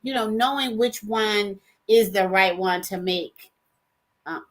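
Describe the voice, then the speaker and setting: A woman's voice: mid-range voice, slow pace. A woman co-hosting a casual faith-based chat, telling a personal story and acting out the dialogue with jumps in her voice. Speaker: co-host.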